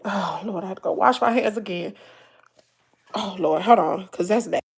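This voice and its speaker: A woman's voice: mid-range voice, moderate pace, vocal fry, breathy edge. A middle-aged woman with a Southern US accent, talking emotionally in a personal vlog, sighing and tearful. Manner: tearful, sighing, breaking into crying. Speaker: vlogger.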